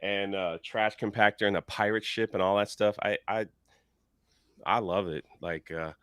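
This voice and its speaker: Bright-voiced man, halting stream chat. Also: lowish voice, steady tone, clean tone, dry recording, studio quality. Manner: halting, full of "uh". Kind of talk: casual live-stream chat.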